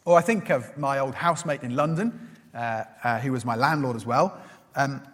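A man preaching a sermon in an earnest manner, putting questions to his listeners and pausing often with "uh". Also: medium pitch. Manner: earnest, asks the listeners questions, many "uh" fillers. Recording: long reverb of a large hall.

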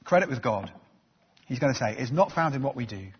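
Guy preaching, super husky breathy voice, long echo, kinda dull sound. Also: mid-range voice, expressive, a little fast. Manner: conversational, self-deprecating, many fillers. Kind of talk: sermon.

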